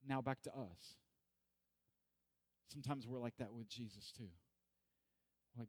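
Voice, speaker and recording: A man's voice: mid-range voice, a little slow, pauses often, a little mellow, dry recording. A man preaching a sermon in a conversational way, acting out pleading questions with rising intensity.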